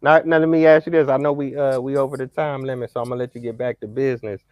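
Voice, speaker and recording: A male host wraps up a casual interview with relaxed, drawn-out questions. His voice is mid-pitched and sounds dry and close, with no room echo. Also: smooth, muffled recording.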